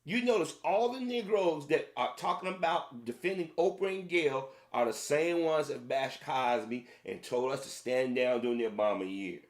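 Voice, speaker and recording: A man's voice: medium pitch, animated, moderate pace, few pauses. A man giving a heated opinion rant, repeating himself and speaking straight to his audience. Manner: heated, repetitive, addressing the audience directly. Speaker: commentator.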